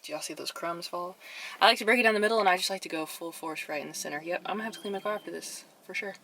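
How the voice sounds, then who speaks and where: A young woman vlogging from her car in a chatty, animated way, with dramatic reactions. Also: on the low side, racing, slight background noise. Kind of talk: casual chat. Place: inside her parked car. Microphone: camera.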